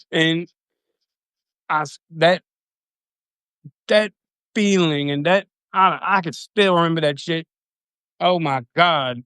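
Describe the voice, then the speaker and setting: Guy on a live stream rambling thru a story, cussing a lot, smooth clear voice, kinda high, dry sound. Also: measured pace, long pauses, fairly bright tone, no echo. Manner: profane, rambling, loose retelling. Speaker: livestreamer. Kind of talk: casual personal storytelling.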